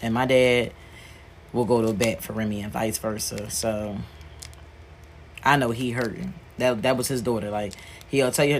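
A woman hosting her own podcast, talking casually and candidly in a rambling way, full of slang and restarts, and dropping low and soft when she talks about grief. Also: steady tone, moderate pace, long pauses, a little hiss or hum. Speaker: podcast host.

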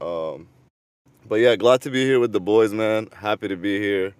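A man's voice: fairly low pitch, moderate pace, clear, resonant tone, dry recording. A man from the United States, a guest on a casual football podcast, talking in a laid-back, friendly way and often restarting his words. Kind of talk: casual sports podcast chat.

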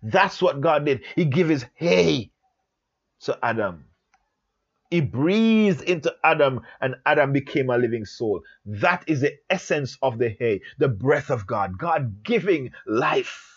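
A man teaching a Bible study lesson on a Hebrew letter, speaking slowly and emphatically and repeating phrases for stress. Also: medium pitch, animated, slightly rough, lo-fi sound.

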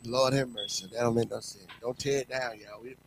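A man in casual podcast chat, bragging loudly about his team. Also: mid-range voice, fairly even intonation, a little fast. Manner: hyped, boastful sports talk.

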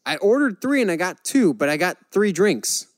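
A man co-hosting a casual chat show, animated and joking with quick asides. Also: sits high, no room sound. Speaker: podcast co-host.

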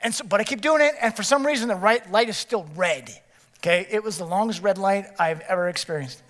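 A male pastor giving a sermon, telling a personal story with animated energy and checking in with the congregation. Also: high voice, brisk. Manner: animated storytelling with frequent "okay?" check-ins.

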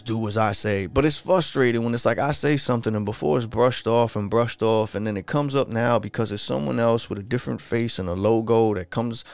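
A man's voice: mid-range voice, darkish tone, smooth. A man hosting a podcast, ranting in a casual, profane and frustrated monologue.

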